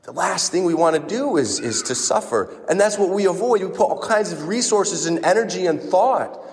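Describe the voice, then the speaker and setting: Guy priest preaching, super animated pitch, lots of stops and restarts, long church echo. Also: moderate pace, slight background noise. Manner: conversational with frequent restarts. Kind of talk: sermon.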